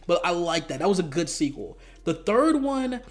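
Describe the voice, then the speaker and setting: A young man giving a casual, rambling, profane film review, full of slang and sudden high-pitched outbursts of disbelief. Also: very animated, moderate pace. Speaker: YouTube movie reviewer.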